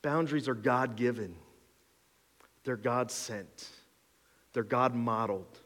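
A man's voice: medium pitch, slow pace, fairly bright tone. A male pastor preaching a sermon in a conversational, emphatic way, counting off numbered points, in a church sanctuary. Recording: long hall reverb.

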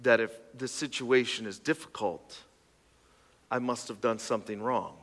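A man's voice: mid-range voice, normal speed, a bit bright, in a large hall. A man preaching a sermon as a pastor, talking conversationally with self-deprecating asides and stammered restarts.

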